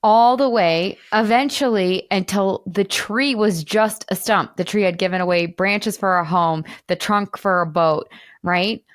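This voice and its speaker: A woman in her thirties hosting a podcast, talking in an animated, emphatic way and at times near tears. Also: mid-range voice, unhurried, dry recording, studio quality. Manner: animated, emphatic, tearful at moments. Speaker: podcast host. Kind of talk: emotional podcast monologue.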